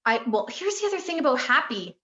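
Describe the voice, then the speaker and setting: A woman relationship coach talking in an interview, animated and acting out the voices of people she quotes. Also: high-pitched, fast talker. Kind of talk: conversational interview.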